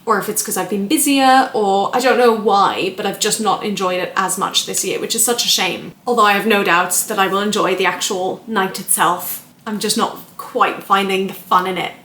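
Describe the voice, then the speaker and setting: A woman's voice: medium pitch, moderate pace, few pauses, fairly bright tone, roomy sound, slight background noise. A woman chatting casually to camera at home, thinking aloud in a self-deprecating way. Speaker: vlogger.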